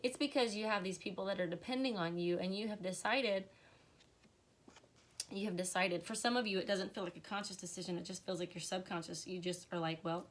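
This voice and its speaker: A woman's voice: mid-range voice, brisk. Woman tarot reader, chatty and emotional on a home live stream. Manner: chatty, warm, emotional, many fillers.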